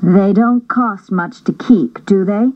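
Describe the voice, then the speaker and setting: A woman's voice: medium pitch, takes it slowly, no echo, lo-fi sound. A woman doing a skeptical worried mother. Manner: doubtful questioning.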